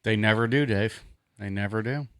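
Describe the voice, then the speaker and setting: A man's voice: on the low side, moderate pace, clear, resonant tone, dry recording, studio quality. A man co-hosting a podcast, joking around in casual banter. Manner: jokey, playful. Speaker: podcast co-host.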